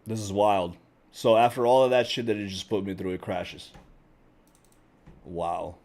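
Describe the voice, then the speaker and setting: A man's voice: on the low side, steady tone, measured pace, darkish tone. Frustrated swearing gaming streamer, man. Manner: profane, swears a lot, frustrated muttering. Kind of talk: casual gaming commentary.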